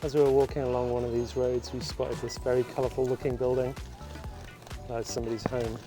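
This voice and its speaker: Male vlog host, mid-pitch, easy explanatory delivery outdoors, music bed. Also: brisk. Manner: relaxed, explanatory. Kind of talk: vlog narration. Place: outdoors by canals.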